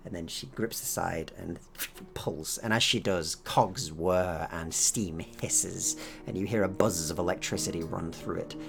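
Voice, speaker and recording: Deep-voiced man narrating a game. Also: gravelly. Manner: relaxed, hesitant with many fillers. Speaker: game master.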